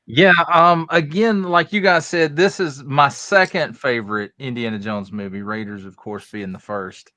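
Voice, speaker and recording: A man's voice: medium pitch, moderate pace, few pauses, bright, forceful tone, no echo. A man giving his casual take on a movie in an easygoing, chatty way. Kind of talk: casual movie review chat.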